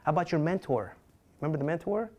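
A middle-aged man giving a lively classroom lecture in a slightly high voice. He is animated and theatrical, swinging between playful panic and calm advice as he acts out scenes for his students. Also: fast. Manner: animated, dramatic, acts out panicked agents and jokes. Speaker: real estate instructor.

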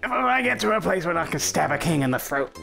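Gravelly, excitable gaming commentator man. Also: fairly high pitch, fast talker, faint music behind. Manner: excitable, swearing mock-threats. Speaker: gaming YouTuber. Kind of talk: casual gameplay commentary.

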